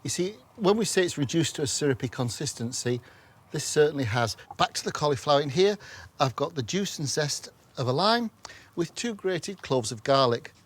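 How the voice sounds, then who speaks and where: A man's voice: fairly high pitch, lively intonation, normal speed. A man hosting a cooking show, chatting as he explains each step of a recipe. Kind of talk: cooking demonstration. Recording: faint background noise in a studio kitchen.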